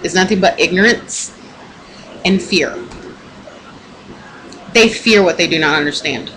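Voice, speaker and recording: A woman's voice: on the low side, measured pace, fairly bright tone. A young woman in a casual vlog pep talk, rambling and emphatic, swearing a lot as she talks to her camera at home. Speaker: vlogger. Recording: noisy home recording.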